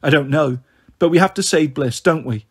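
A man's voice: fairly high pitch, moderate pace, husky. A man voicing a frightened young girl comforting her siblings, pleading and anxious.

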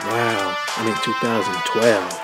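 A man voicing a steady, caring young male turtle leader in a homemade stop-motion film. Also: fairly low pitch, a little slow, natural voice. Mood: concerned. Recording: music playing under the voice.

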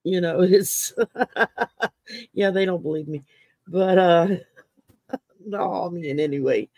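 A middle-aged woman from Texas hosts a casual interview. Her voice is gravelly and a little husky. She tells long personal stories, laughing along the way, in a dry, close recording. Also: on the low side, slow, mellow, no echo. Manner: chatty, laughs often while telling stories. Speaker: podcast host.

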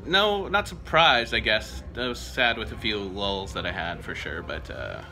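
Canadian guy after his set, low voice but sharp tone, kinda trails off. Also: expressive, a little slow, a little hiss or hum. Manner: soft, trailing off, reflective. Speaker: comedian being interviewed. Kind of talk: casual post-show chat.

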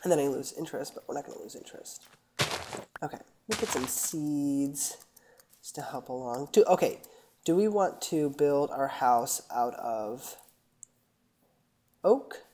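A woman with a notably low voice talks through a casual gaming session. She rambles between what she's doing and friendly asides to her audience. A faint hiss of background noise sits under her voice. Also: animated, unhurried, long pauses, dark tone. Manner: chatty, rambling, talks to viewers. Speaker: gaming channel host. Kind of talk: casual gameplay commentary.

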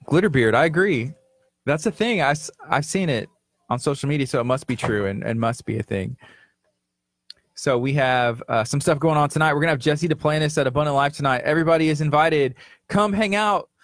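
A man's voice: a little high, animated, a little fast, no echo, studio quality. A man co-hosting a local radio show, chatting casually and teasing his co-host with a joking, laughing manner. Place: radio studio. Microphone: studio microphone.

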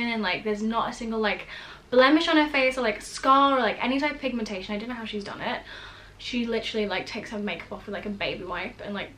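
A woman's voice: on the high side, bright, forceful tone. A young woman vlogging in casual chat, gushing and rambling with lots of fillers and searches for words.

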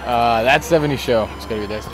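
A man's voice: mid-range voice, fast. A man from Wisconsin answering an interviewer, hesitant and searching for words. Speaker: interviewee, marine.

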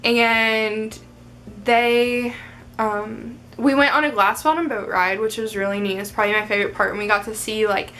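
A woman's voice: a little high, fairly even intonation, moderate pace, bright, forceful tone, a little hiss or hum. A young adult woman chatting casually in a get-to-know-me Q&A video, upbeat and full of fillers like "um" and "like". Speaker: vlogger.

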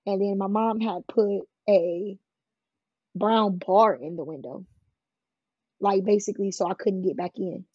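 A woman's voice: medium pitch, measured pace, long pauses, breathy edge, no room sound, lo-fi sound. A woman from California, a guest telling her life story in an interview, speaking frankly and plainly with many fillers. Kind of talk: emotional personal storytelling in an interview.

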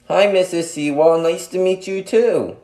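A man's voice: sits high, unhurried, dark tone. A man doing a polite young boyfriend.

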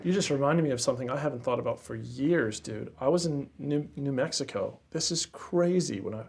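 Gravelly-voiced man telling stories on a podcast. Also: medium pitch, a little fast. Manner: animated storytelling, says "bro" and "crazy". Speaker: pastor and podcast host. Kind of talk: casual podcast conversation.

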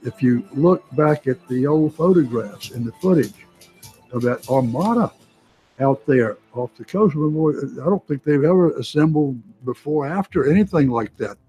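A man recalls events in a measured, reflective documentary interview. His voice is mellow and sits a little high. Soft music plays faintly beneath. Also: lively intonation, slightly rough, rough recording.

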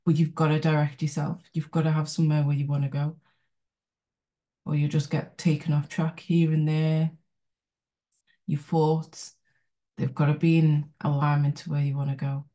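A woman's voice: low-pitched, level tone, moderate pace, pauses often, mellow. A woman who hosts a book club, giving an encouraging, conversational motivational talk full of questions.

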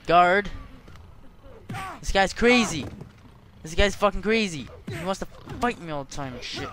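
A man's voice: high-pitched, expressive, a little slow. A young man doing gameplay commentary, cursing and trash-talking the characters on screen. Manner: profane, trash-talking, yelling at game characters. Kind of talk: let's play commentary.

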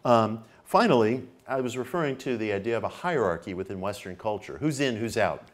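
Earnest male lecturer, low voice. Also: lively intonation, brisk. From New York, United States. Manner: earnest, repeats key phrases for emphasis; occasional hesitant fillers. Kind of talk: public lecture.

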